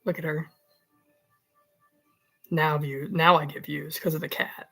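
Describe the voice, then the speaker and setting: Woman streamer, low husky voice, slow and rambling, soft music behind. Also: steady tone. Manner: rambling, swears, baby-talks to her cat. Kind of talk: casual stream chat.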